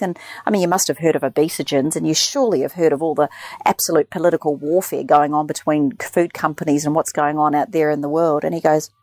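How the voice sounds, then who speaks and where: A woman telling a lively story in casual chat, acting out the people she quotes. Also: sits low, quick pace, dry recording. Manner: animated storyteller, mimics nurses. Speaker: podcast guest.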